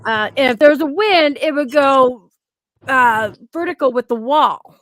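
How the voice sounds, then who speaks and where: A woman's voice: high-pitched, measured pace, a bit bright. A woman hosting a podcast, eagerly explaining replayed paranormal footage to listeners. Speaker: podcast host.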